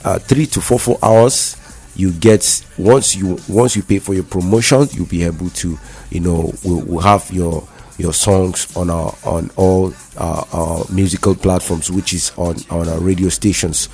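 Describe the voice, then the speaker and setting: A man with a Nigerian accent, co-hosting a casual radio talk show, speaking haltingly with many restarts and repeated words. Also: low voice, steady tone, darkish tone, breathy edge. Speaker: radio co-host.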